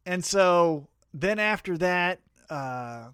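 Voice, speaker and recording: A man with a high, resonant, clear voice speaks very slowly in a dry, studio-quality recording. He's co-hosting a podcast, chatting casually and telling animated stories packed with swearing and acted-out quotes.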